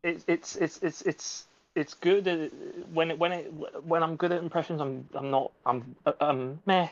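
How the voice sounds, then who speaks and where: A man with a British accent, a guest chatting casually over a call, stammering and halting. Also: a little high, fairly even intonation. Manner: halting, stammers when unsure. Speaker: guest impressionist. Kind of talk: casual chat. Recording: dull call audio.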